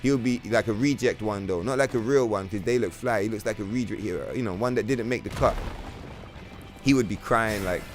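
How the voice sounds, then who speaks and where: Lowish guy streaming games, swears nonstop, slangy rambling, faint music under. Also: brisk. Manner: profane slangy rambling, animated. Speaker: game streamer. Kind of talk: casual livestream chat.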